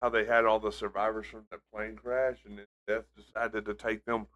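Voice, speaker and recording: A man's voice: fairly low pitch, flat delivery, normal speed, a bit bright, muffled recording. A man co-hosting a podcast, chatty and teasing in casual chat. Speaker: podcast co-host.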